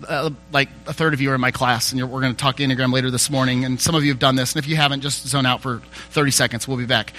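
A man's voice: fairly high pitch, pushed and bright. A man preaching a sermon in a church, candid, conversational and self-deprecating, a little teary.

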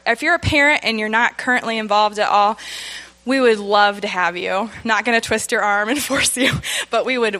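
A woman's voice: a little high, sharp tone. A woman leading children's ministry gives chatty church announcements, laughing often and getting emotional. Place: church sanctuary.

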